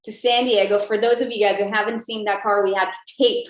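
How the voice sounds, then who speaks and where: A woman's voice: medium pitch, steady tone, brisk, echoey room, slight background noise, low-quality recording. A woman guest on an interview podcast, speaking reflectively in casual talk with frequent fillers. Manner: reflective, talks with filler words.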